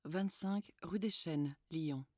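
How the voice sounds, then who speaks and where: A woman plays a young woman who answers simple questions politely. Her voice sits a little low. The recording is dry and dull, with a lo-fi sound. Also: slow pace, darkish tone, dry recording. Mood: answering. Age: young adult.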